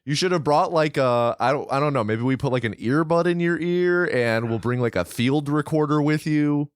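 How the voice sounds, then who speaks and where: A man's voice: fairly high pitch, normal speed, smooth, no room sound, clean studio sound. A man co-hosting a podcast, chatting casually with short, teasing replies. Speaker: podcast co-host. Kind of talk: casual chat.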